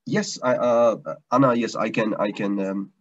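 Teacher, male, low husky voice, chatty and repetitive, dull lo-fi call audio. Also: fairly even intonation, moderate pace. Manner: chatty, repeats words, restarts often. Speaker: language teacher. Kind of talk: online taster class, casual teaching. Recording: dull lo-fi online stream audio.

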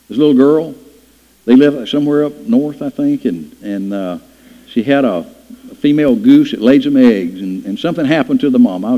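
A man preaching a sermon, telling folksy stories and acting out voices in them. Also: medium pitch. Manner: folksy storytelling with playful acted-out voices. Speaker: pastor. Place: church sanctuary. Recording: dull lo-fi church hall recording.

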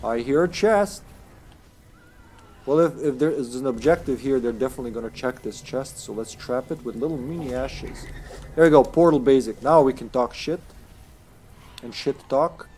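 A man's voice: mid-range voice, moderate pace, dark tone, slight background noise. Joking, swearing game streamer man. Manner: joking, swearing, slipping into put-on accents. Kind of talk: casual gameplay commentary.

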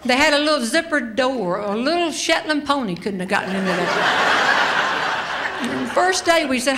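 Older female humorist: bright-ish, animated live storyteller, captured on a noisy stage recording. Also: fairly high pitch, unhurried. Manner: animated, shifting into quoted voices. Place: stage before a laughing audience.

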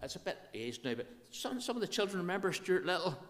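A man's voice: sits high, big pitch swings, quick pace, fairly bright tone. A man with a Northern Irish accent, a minister leading prayer and preaching a sermon in an earnest, conversational way. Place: church. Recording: reverberant church hall sound.

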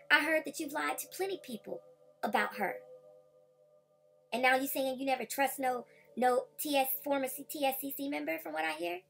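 A woman's voice: sits high, vocal fry. A woman vlogger ranting heatedly and confronting rivals directly. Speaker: YouTube commentator. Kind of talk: vlog rant.

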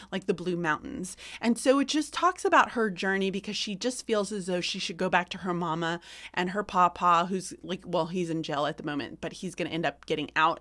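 A woman's voice: fairly low pitch, a bit bright. A middle-aged woman teacher talking casually about favorite class books, chatty and enthusiastic, with frequent fillers and restarts. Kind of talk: casual book-recommendation vlog.

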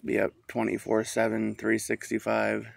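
A man's voice: fairly low pitch, monotone, moderate pace, creaky, husky, no echo. A man rambling outdoors in a park, profane and meandering, trailing off with a rueful tone.

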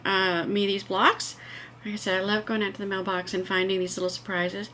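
A woman hosts a casual vlog, chatting and gushing with enthusiasm. Her voice has a bright, forward tone. A faint background hiss sits under the recording. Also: medium pitch, moderate pace. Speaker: vlog host.

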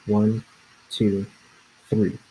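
A man reading as a calm elephant matriarch. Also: lowish voice, very slow, muffled recording. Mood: gentle but firm. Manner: calm and commanding. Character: steady female elephant matriarch, protective.

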